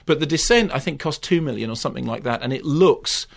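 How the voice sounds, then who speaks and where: A man reviewing films on a radio chat show, opinionated and given to exasperated rants that climb in pitch. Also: lively intonation, fast, vocal fry. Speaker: film critic.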